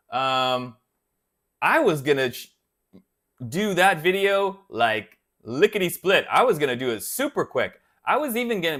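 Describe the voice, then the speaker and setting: A man hosts a guitar channel in a loose live-stream chat. His voice sits a little higher than most men's. He rambles and loses track of what he was saying. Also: a bit bright.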